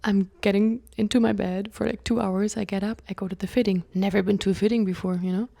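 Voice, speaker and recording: A young woman vlogger tells a personal story in a loose, chatty way, with a gravelly fry at the ends of her phrases. She keeps saying "like" and acts out what people said, jumping from excited bursts to near-whispers. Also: medium pitch, quick pace. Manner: chatty, fills speech with "like"; acts out quoted speech, shifting between loud bursts and whispers.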